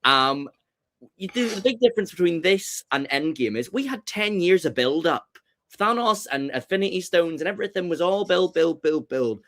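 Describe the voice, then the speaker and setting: A British man on a casual podcast, ranting in an animated way. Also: sits high, moderate pace. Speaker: podcast guest. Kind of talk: casual chat.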